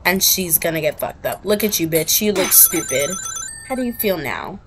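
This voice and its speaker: A woman's voice: on the low side, animated, moderate pace, background noise. A woman giving gameplay commentary, trash-talking opponents in a brash, profane and dramatic way. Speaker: gaming video creator.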